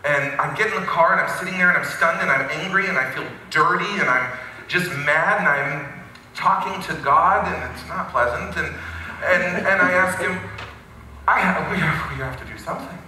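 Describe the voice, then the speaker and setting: A male pastor telling a story in a sermon, animated and with wry asides. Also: a little high, normal speed, a little hiss or hum. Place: church sanctuary. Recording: very echoey hall, from a distance.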